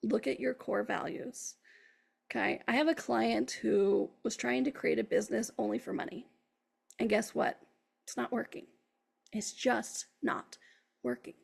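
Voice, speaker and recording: A woman hosting a self-help show, her voice heavy with gravelly fry and a husky grain. She sits a bit above the usual pitch for a woman and talks to her audience in an upbeat, encouraging way. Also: fairly even intonation, measured pace. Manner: upbeat, encouraging, addresses listeners directly. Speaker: host. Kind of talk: motivational self-help talk.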